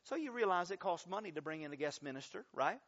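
A man preaching a sermon as pastor, telling stories with lively, dramatic changes of voice when he acts out quotes. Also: quick pace, lo-fi sound. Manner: animated storytelling, acting out quotes with big pitch jumps.

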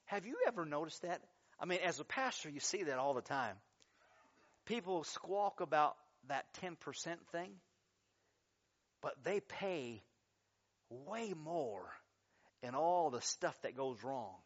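A man preaching a sermon as pastor, telling stories with lively, dramatic changes of voice when he acts out quotes. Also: unhurried, long pauses, dull audio. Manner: animated storytelling, acting out quotes with big pitch jumps.

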